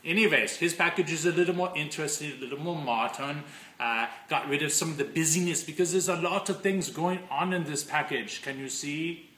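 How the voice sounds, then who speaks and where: A man's voice: on the high side, brisk, bright, forceful tone. A man who owns a design studio gives a casual show-and-tell, chatty and gushing with crude offhand asides. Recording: echoey room.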